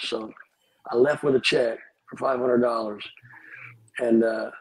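Man, late 50s, pastor, gravelly, husky, storytelling testimony. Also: mid-range voice, flat delivery, measured pace, poor audio. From Georgia, USA. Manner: vivid storyteller who acts out dialogue. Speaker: pastor, guest.

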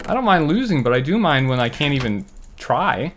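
A man giving running commentary on his own gameplay, muttering to himself and breaking into loud, frustrated outbursts. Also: fairly high pitch, expressive, fairly quick, slight background noise. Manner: talks to himself while playing. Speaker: gaming channel host.

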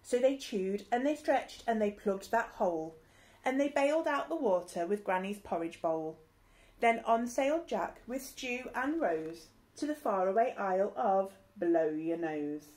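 A woman's voice: mid-range voice, animated, measured pace, darkish tone. A woman teacher reading a rhyming picture book aloud in a sing-song, rhythmic way with playful asides. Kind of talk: expressive storybook read-aloud.

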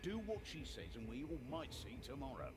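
A man with a working-class British accent voicing a gruff townsman in a video game who gives urgent orders. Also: on the high side, very animated, fairly quick, faint music behind.

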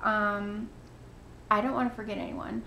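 A woman's voice: medium pitch, level tone, measured pace, vocal fry, sharp tone, roomy sound, a little hiss or hum. A woman hosting a knitting podcast, chatting casually and gushing with thanks. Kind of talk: casual chat to camera.

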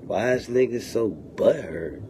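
A man's voice: lowish voice, animated, unhurried, dark tone, slight background noise. A man streaming live to fans from his phone, in a profane, taunting, confrontational rant. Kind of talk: livestream rant.

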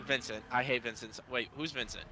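A man's voice: mid-range voice, fairly even intonation, quick pace, background noise. A young man casually chatting while watching a video game, slangy and rambling. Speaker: gaming commentator. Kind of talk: casual gaming chat.

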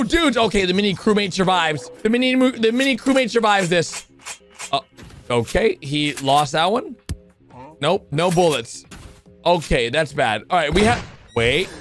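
A young man giving excited reaction commentary on a video, exclaiming loudly and calling his viewers "boys" and "bro". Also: high-pitched. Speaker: YouTuber reacting to an animation.

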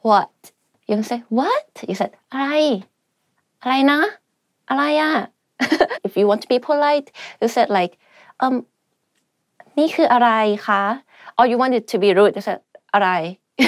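A young woman teaches everyday phrases in a loose, chatty lesson, talking quickly and sprinkling in fillers and laughs. Her voice sits a little high and sounds close and dry, with no room around it. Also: darkish tone, dry recording. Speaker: language teacher. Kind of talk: casual spoken language lesson.

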